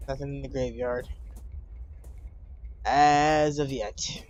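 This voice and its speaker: A man's voice: medium pitch, brisk, dull audio. A man streaming a game live, talking through it in a chatty, wry way. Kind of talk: casual game commentary.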